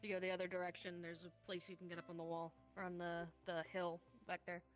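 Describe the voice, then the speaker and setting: A woman's voice: fairly low pitch, completely flat delivery, quick pace, faint music behind, natural voice. A woman playing a helpful guide. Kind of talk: live tabletop role-play.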